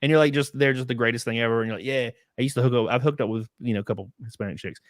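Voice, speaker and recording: A man's voice: medium pitch, steady tone, very fast, no room sound, studio quality. A man in his thirties streaming a casual chat, crude and joking, laughing often and throwing in silly voices. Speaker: streamer host.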